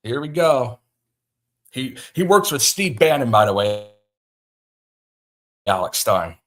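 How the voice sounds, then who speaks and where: A man's voice: medium pitch, big pitch swings, slow pace. A man hosting a livestream, ranting agitatedly about a feud, with frequent restarts. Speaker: livestream host. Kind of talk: livestream commentary.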